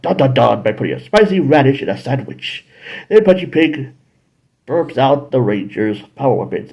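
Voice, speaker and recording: A man with a husky, mellow voice talks through an episode recap in a loose, casual way. He rambles, stops to correct himself, and swings up and down in pitch. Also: muffled recording. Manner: rambling, self-correcting, jumps into high-pitched character voices. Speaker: show host reviewing episodes. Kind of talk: casual review with acted-out scenes.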